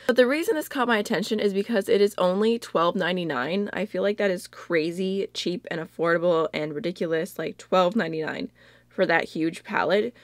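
A woman's voice: fairly low pitch, no room sound. A young woman chatting casually as a beauty vlogger, chatty and full of filler words like "like" and "really, really.". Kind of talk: casual chat.

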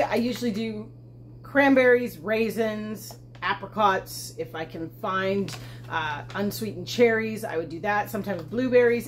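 A woman talks casually while she cooks in her home kitchen, chatty and quick to poke fun at herself. Her pitch sits in the middle, and a faint hum runs under her voice. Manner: chatty and self-deprecating, talking while cooking. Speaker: homesteading channel host. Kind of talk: casual cooking demonstration.

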